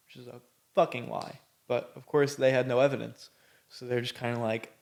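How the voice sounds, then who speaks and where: A man's voice: mid-range voice, flat delivery, normal speed, gravelly, darkish tone. A man hosting a podcast, telling his own story in a candid, blunt, rambling way with plenty of swearing. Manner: loose, rambling delivery full of fillers. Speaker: podcast host. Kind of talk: personal storytelling.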